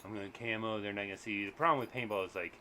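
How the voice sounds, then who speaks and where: A man's voice: lowish voice, steady tone, very fast, pushed and bright, slight background noise. A man chatting on an outdoor patio, eagerly explaining his gear to friends. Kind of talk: casual chat.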